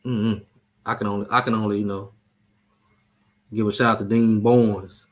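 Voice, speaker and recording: A man's voice: on the low side, flat delivery, moderate pace. A man hosting a casual sports chat show, talking loosely, joking and trash-talking. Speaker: show host.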